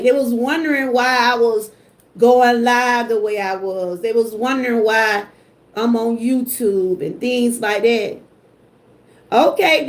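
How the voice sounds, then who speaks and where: An older woman with a drawl chats on her livestream, greeting viewers and thanking supporters. Her voice sits high, and she talks slowly and emotionally. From Georgia, US. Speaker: YouTube live streamer. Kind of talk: casual livestream chat.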